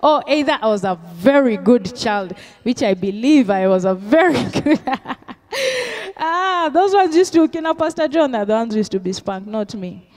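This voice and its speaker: A woman's voice: a little high, animated, normal speed, darkish tone. A middle-aged woman pastor, preaching a sermon with call-and-response questions and Swahili phrases mixed in.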